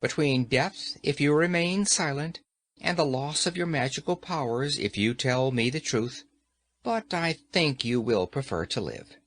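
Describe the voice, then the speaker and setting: A stately sorceress speaks with firm, unhurried authority, as a man puts her on. Her pitch is lifted high above his usual speaking voice. This is storybook reading, and she delivers every word with command. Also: animated, a bit bright. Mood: measured. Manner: stern, commanding.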